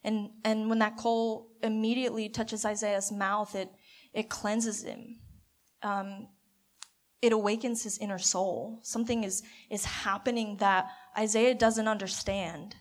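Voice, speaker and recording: A woman giving a halting, imaginative reflection at a church gathering, with many restarts. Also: medium pitch, little pitch movement. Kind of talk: sermon reflection.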